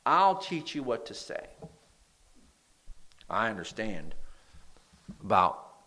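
A man with a bright, nasal voice delivers a sermon, reading scripture with lively emphasis and letting his voice drop soft at the ends of points. It sounds like he is preaching to a congregation in a church. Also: lowish voice, takes it slowly. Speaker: pastor.

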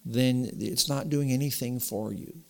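A pastor delivering a sermon in a somewhat nasal voice, preaching with emphasis and rising louder when he reads scripture. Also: medium pitch, steady tone, measured pace, vocal fry.

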